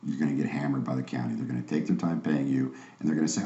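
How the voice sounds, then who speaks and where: A man's voice: very deep voice, fairly even intonation, racing, mellow. A confident, emphatic man teaching a sales training course in a salesy manner. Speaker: online course instructor. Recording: roomy, slightly dull sound.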